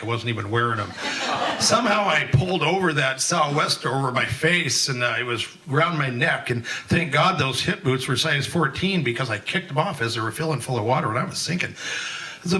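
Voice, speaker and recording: Older man, folksy open-mic storyteller, bright voice a little off mic, rambling with fillers. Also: on the high side, distant mic, slight background noise, poor audio. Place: live event in a museum hall.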